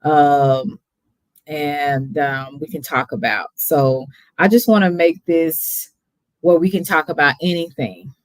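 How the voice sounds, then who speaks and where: Low-voiced Texan woman hosting a stream. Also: slow pace, no echo. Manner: chatty, hesitant with many ums, laughs often. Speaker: host. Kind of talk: casual livestream chat.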